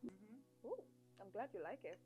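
A woman's voice: medium pitch, lively intonation, normal speed, dark tone, soft background music, close to an everyday voice, poor audio. A woman playing an eager young woman, bubbly and laughing easily in a comedy skit. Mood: cheerful. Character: cheerful young woman cook, sweet and eager.

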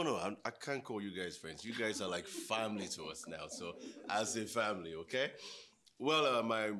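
An actor playing a proud expectant husband who speaks hesitantly with many pauses and fillers. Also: male voice, on the low side, sharp tone, a little hiss or hum, exaggerated voice. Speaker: husband announcing a pregnancy.

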